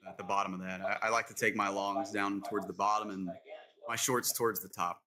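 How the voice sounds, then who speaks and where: Low-voiced man explaining chart levels. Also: a little fast, over a noisy crowd. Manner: relaxed, explains setups, frequent um and like. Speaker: co-host trader. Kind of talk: casual live market commentary. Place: home trading desk with monitors.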